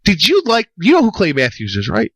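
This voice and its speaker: A man's voice: high voice, huge pitch swings, fairly quick, creaky, slightly rough, no room sound. A young man co-hosting a podcast in casual chat, rambling, swearing and joking. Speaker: podcast co-host.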